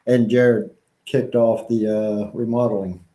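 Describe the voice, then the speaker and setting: A man with a slight Southern accent co-hosting a casual live-streamed chat, rambling and halting with many ums and restarts. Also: fairly low pitch, fairly even intonation, reverberant, background noise.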